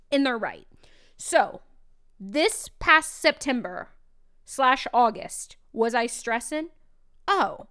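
A woman teacher hosting her own podcast, talking in a casual, loud and energetic way, candid and animated. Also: sits high, clean tone. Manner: animated and candid, acts out quoted exchanges. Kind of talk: casual solo podcast talk.

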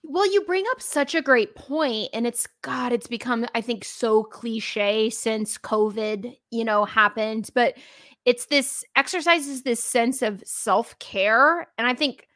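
A woman's voice: on the high side, a little slow, fairly bright tone, no echo. Chatty woman podcast host, dry sound. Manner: chatty storyteller. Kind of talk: casual conversation.

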